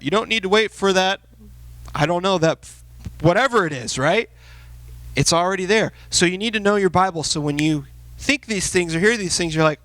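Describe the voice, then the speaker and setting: A man in his thirties preaching a sermon to teens in a conversational, animated way, acting out quotes. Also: high voice, no echo. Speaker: youth pastor.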